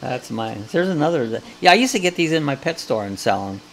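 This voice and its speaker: A man's voice: on the high side, sing-song, a little fast, gravelly, a bit bright, slight background noise. A man hosting a casual live coffee chat, talking in a rambling, folksy way with lots of fillers and restarts.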